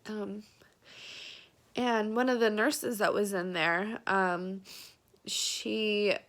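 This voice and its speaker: A woman's voice: medium pitch, fairly even intonation, extremely slow, fairly bright tone. A young woman tells a personal story to the camera, close to tears and full of fillers. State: tearful. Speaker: vlogger.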